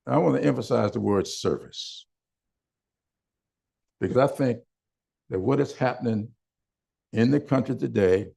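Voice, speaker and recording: An older man giving a town hall speech in slow, deliberate oratory with emphatic pauses. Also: on the low side, vocal fry, darkish tone, breathy edge. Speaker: political speaker.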